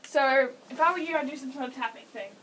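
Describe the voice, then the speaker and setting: A woman's voice: sits high, fast talker, distant mic, heavy background noise. A teenage girl casually explaining how to train pets, rambling, interrupting herself and giggling between points. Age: late teens. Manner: chatty, self-interrupting, giggly asides. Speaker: vlogger explaining pet training.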